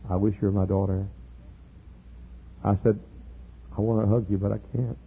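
A middle-aged male pastor telling a story in a sermon, earnest, repeating words and building to loud emphatic peaks. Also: on the low side, flat delivery, moderate pace, breathy edge. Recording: tinny lo-fi sermon tape.

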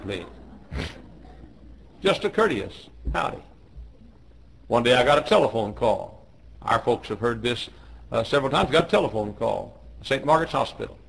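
A man preaching a sermon, telling a story in a folksy way, clearing his throat and restarting often. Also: mid-range voice, slight background noise, poor audio. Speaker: pastor.

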